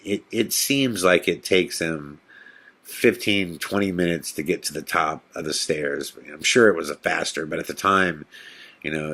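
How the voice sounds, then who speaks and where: A man hosting a podcast, telling a tense personal story in a casual, animated way and acting out the quotes. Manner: animated storyteller, acts out quotes in a whisper and excited high voice. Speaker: podcast host.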